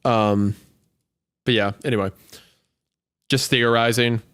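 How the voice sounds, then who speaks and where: A man's voice: mid-range voice, fairly even intonation, slow, fairly bright tone, clear, resonant tone. Chatty man reading a spooky story. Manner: chatty, laughs often, many fillers and restarts. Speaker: podcast host reading a story. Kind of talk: casual chat and story reading.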